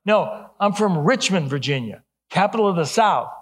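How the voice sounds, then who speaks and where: A man's voice: high-pitched, very animated, normal speed, voice pushed up. A pastor doing an indignant young man protesting. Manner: protesting, incredulous.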